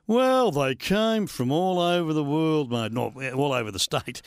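A man's voice: on the high side, expressive, unhurried, hardly any pauses, clear, resonant tone, no room sound, studio quality. An older Australian man and former radio host, telling stories in a chatty way with laughs and many restarts. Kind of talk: casual storytelling interview.

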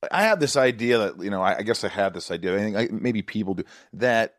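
Low-voiced host guy, super animated, jokey questions, dry close mic. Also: fast talker, dry recording. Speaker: podcast host. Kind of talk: casual podcast interview.

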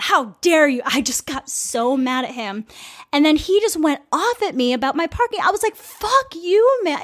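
A young woman co-hosts a chatty podcast, telling her stories with lively, animated energy. Her voice sits a little high, and she swears freely as she talks. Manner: animated storytelling, frequent swearing. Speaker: podcast co-host. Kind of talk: casual podcast chat.

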